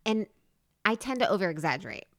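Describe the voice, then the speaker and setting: A woman co-hosts a casual podcast, bantering with her partner in an emphatic, playfully defensive way. Her voice sits at an ordinary middle pitch for a woman. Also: lively intonation, brisk, a bit bright. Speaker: podcast co-host. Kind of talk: casual chat.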